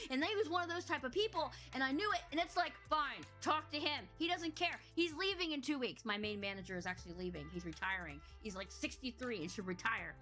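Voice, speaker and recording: A woman's voice: high voice, expressive, brisk, fairly bright tone, soft background music. A young woman co-hosting a podcast, telling exasperated customer service stories in a ranting, casual way. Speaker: podcast co-host. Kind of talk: casual chat.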